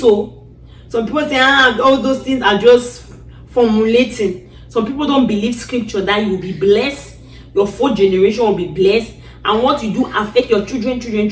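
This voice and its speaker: A woman's voice: on the high side, a little mellow. A woman from Nigeria telling a personal story dramatically, acting out her own cries and pleas. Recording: distant mic in an echoey room.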